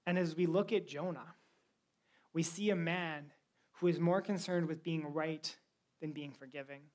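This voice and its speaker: A woman preaching a sermon in an animated, conversational way, mixing scripture with casual slang. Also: deep voice, measured pace.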